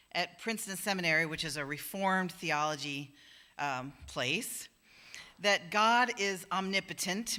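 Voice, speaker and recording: A woman minister preaching in a church with a bright, clear tone. Her sermon is loose and conversational, and she slips into the voices of the people she quotes. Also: on the low side. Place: church sanctuary.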